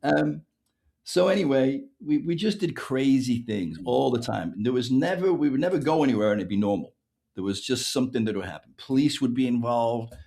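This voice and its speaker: Appearing as an author guest on a podcast, this man from England speaks with an English accent and vocal fry, at a slightly fast pace and medium pitch. He's an animated storyteller who performs the dialogue he quotes.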